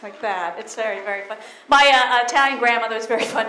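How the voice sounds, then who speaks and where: A woman comedian doing an animated, mocking stand-up routine. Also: a little high, fairly quick. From New York City. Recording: echoey club, audience noise.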